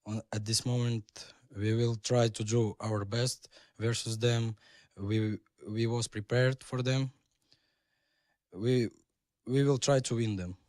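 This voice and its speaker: Russian-accented pro player, deep, slow, halting English, dry close mic. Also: male voice, fairly even intonation, a little mellow, no room sound. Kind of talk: post-match interview.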